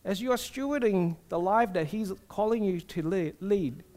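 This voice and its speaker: Preaching to his congregation, a pastor whose voice is notably high speaks at normal speed with a darkish tone. His manner is earnest and personal, and he keeps asking them rhetorical questions.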